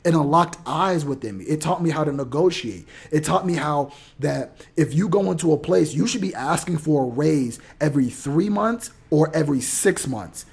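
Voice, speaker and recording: A man with a gravelly, slightly husky voice pitched on the high side tells a story as a heated rant. He acts out quoted people, jumping from loud outbursts to low, mumbled asides. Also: animated, moderate pace, hardly any pauses. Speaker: motivational podcaster.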